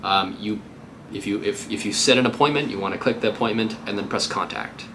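A man's voice: on the low side, a little fast, background noise. A man working as a real estate agent, giving a casual, upbeat tutorial on cold calling between live calls.

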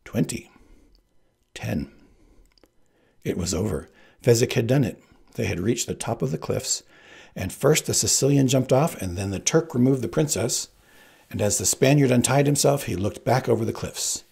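A man reading a novel aloud in an expressive, animated way. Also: medium pitch, moderate pace, vocal fry, slightly rough. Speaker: reader. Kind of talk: audiobook narration.

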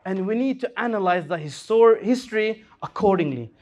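Male preacher at a lectern mic, fervent sermon voice that swoops high and low. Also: lively intonation, moderate pace, darkish tone. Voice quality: impassioned, rising and falling delivery. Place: Islamic center hall.

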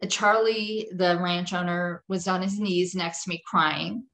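A woman's voice: on the low side, steady tone, measured pace, fairly bright tone. A woman guest on a podcast, telling a personal testimony in an earnest, vivid way and repeating phrases for emphasis. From Jewish home.

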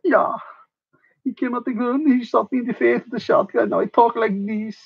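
A man's voice: moderate pace, no room sound, muffled recording. A man voicing a whiny fellow who got shot in the face and now talks in a strange put-on accent. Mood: wailing. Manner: high, wailing, self-pitying.

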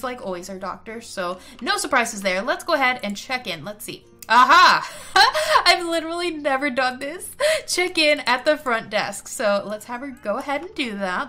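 High, bright chatty gamer woman. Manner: chatty, excitable, giggly. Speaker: gaming video host. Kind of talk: gameplay commentary.

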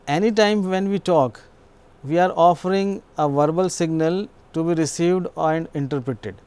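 A man's voice: on the high side, moderate pace, a little mellow, clear, resonant tone. A man giving an explanatory educational lecture, repeating himself now and then with small restarts.

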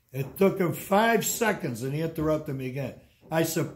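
A man in his eighties telling blunt, gruff stories about running tours, in a casual sit-down interview at home. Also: mid-range voice, animated, normal speed, a little hiss or hum. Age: 80s. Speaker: interviewee and tour guide. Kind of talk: casual storytelling. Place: indoors at home.

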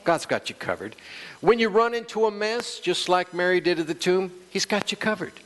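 A man's voice: sits high, expressive, moderate pace, a bit bright. A male pastor preaching a sermon, calling out to the congregation and acting out quoted voices. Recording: long church hall reverb.

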